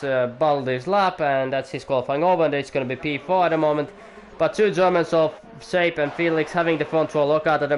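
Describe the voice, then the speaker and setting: A man's voice: fairly high pitch, a little hiss or hum. A man commentating a sim racing qualifying session live, talking with many fillers and self-corrections. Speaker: race commentator.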